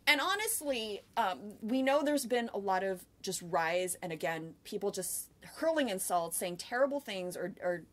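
A woman's voice: medium pitch, fairly bright tone. Earnest chatty American woman. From United States. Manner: earnest, talkative, explains with many "like" and "right?". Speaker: podcast co-host. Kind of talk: casual podcast conversation.

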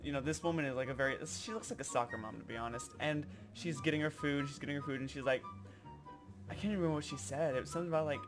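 A young man vlogging casually, telling a work story in an animated way and acting out customers in exaggerated voices. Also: on the high side, fast, music in the background.

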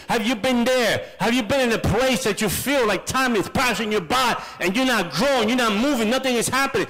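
A man's voice: very high voice, lively intonation, normal speed, a bit bright, big-room sound. An older man preaching at a seminar, firing off repeated rhetorical questions in short, punchy phrases.

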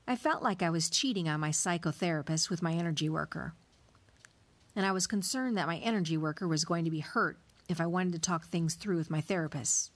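A woman tells her own story as a podcast host in a reflective, carefully scripted voice. Her voice sits a little low. She sometimes drops to a soft whisper. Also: brisk.

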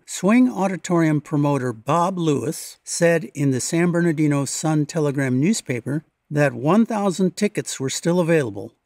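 A man reads scripted local-history narration in a steady, measured way. His voice sits a little high and carries a gravelly, creaky edge. The voice-over is close and dry, with no room sound around it. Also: no echo. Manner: measured, even read-aloud delivery.

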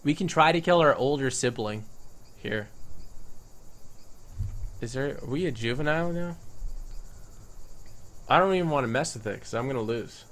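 A man giving playful let's-play commentary on a survival game, excitable and bursting into loud yelling at the game. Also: mid-range voice, normal speed, long pauses. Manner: playful, jokey. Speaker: gaming YouTuber.

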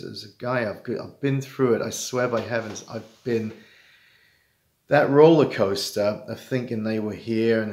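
Middle-aged man, earnest and halting, heartfelt monologue, echoey room. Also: mid-range voice. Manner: earnest, halting, with many restarts and repetitions. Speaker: father giving advice to estranged dads. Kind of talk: heartfelt personal monologue to camera.

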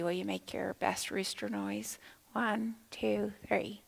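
A woman leading children's time in a church, telling a Bible story in an animated way, asking the children questions and sometimes dropping to a whisper. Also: mid-range voice, takes it slowly, creaky, low-quality recording. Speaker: children's minister. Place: church sanctuary.

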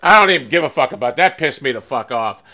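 A man's voice: medium pitch, expressive, quick pace, bright, forceful tone. A man streaming a shooter game, ranting angrily and swearing as he plays. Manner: angry, ranting, swearing, muttering. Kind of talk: live game streaming commentary.

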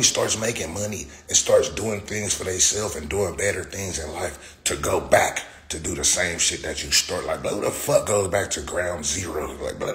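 In an echoey room with a little background noise, a forties-aged livestream host swears his way through a casual rant while answering his chat. He has a low, fairly bright voice.

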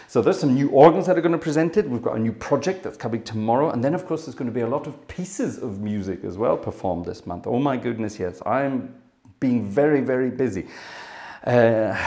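In his music room, a British man hosts his organ channel with a rambling, casual update full of ums and yeses. His mid-range voice is a little mellow, and he sounds slightly out of breath.

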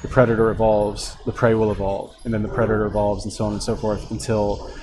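A man's voice: on the low side, little pitch movement, quick pace, noisy background. A man commenting on a video clip, thinking aloud in a rambling, hesitant way. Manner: rambling, hesitant, lots of fillers and restarts. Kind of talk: reaction commentary.

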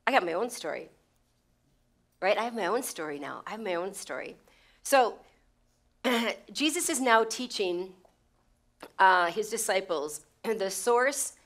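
A woman's voice: medium pitch, fairly bright tone. Conversational woman teaching from the Bible. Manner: repeats phrases for emphasis, checks in with "right?" and "okay?"; conversational, with stumbles and restarts.

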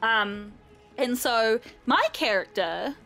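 A woman co-hosting a let's play, chatting casually and excitedly while playing. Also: on the high side, slow pace, vocal fry, soft background music. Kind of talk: casual gameplay chat.

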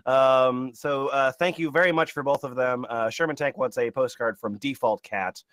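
A man's voice: mid-range voice, steady tone, moderate pace, fairly bright tone, no echo, studio quality. A young man hosting a comedy podcast marathon, rambling with lots of fillers and frequent laughter. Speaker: podcast host. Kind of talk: comedy podcast livestream chat.

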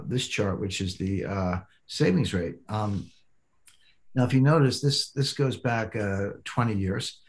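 An older man walks through economic charts in a measured, explanatory tone. His voice sits on the lower side, and he often pauses with ums and restarts his sentences. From United States. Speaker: economic commentator.

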